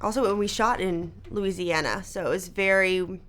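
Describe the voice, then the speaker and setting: A woman's voice: medium pitch, fairly even intonation, normal speed, fairly bright tone. A woman from Georgia being interviewed, chatting in a bubbly way with lots of fillers. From Georgia, United States. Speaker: actress guest. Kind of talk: casual interview.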